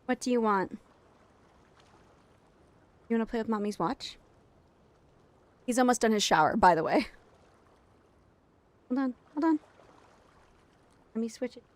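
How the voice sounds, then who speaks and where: A woman streaming from home late at night, chatting casually, laughing often and cooing softly to her toddler. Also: a little high, animated, unhurried, long pauses. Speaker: game streamer and mother. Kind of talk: casual live-stream chat.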